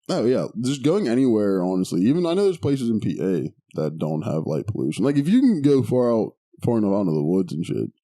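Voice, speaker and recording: A man's voice: on the low side, very animated, a little fast, dark tone. A young man from the Pittsburgh area co-hosting a podcast in casual chat, swearing and laughing often. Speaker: podcast co-host.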